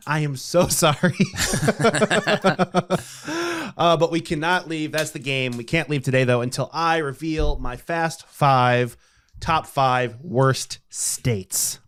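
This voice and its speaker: A man co-hosting a comedy podcast, reading a silly top-five list in a deadpan, mock-ranting way. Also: on the high side, slow. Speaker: podcast co-host.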